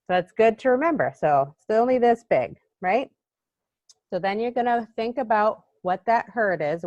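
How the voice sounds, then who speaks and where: A woman's voice: medium pitch, darkish tone, no room sound, muffled recording. A woman teaching children in a live online class, cheerful and encouraging, speaking straight to the kids. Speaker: EFT tapping instructor for children. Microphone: video call.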